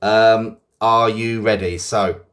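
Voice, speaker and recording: A man's voice: fairly low pitch, steady tone, slow pace, a bit bright. A man from England with a British accent, teaching an English vocabulary lesson on a live stream, chatty and encouraging as he greets viewers by name. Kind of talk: live online lesson, reading viewer comments.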